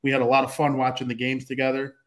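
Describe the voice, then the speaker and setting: A man's voice: medium pitch, completely flat delivery, quick pace. A young man hosting a casual sports podcast, talking in a rambling, joking way. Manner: rambling, jokey. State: hiccups. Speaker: podcast host.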